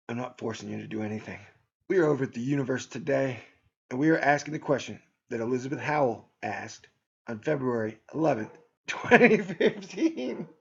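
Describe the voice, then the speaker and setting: A man talks in a loose, sarcastic monologue for his own video channel, rambling and laughing at his own jokes. His voice is gravelly and a little husky at a middling pitch. The recording sounds dull and lo-fi. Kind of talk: casual joking monologue.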